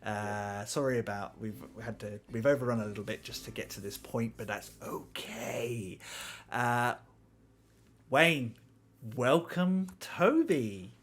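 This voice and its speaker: A man's voice: on the low side, fairly even intonation, moderate pace. Man running a tabletop game stream. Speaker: game master.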